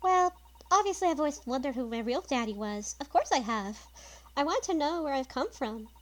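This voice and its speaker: A woman's voice: high voice, expressive, moderate pace, pitched above the performer's own voice. A woman voicing a cheerful, sweet young girl from a story game, gushing and affectionate. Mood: sweet, earnest.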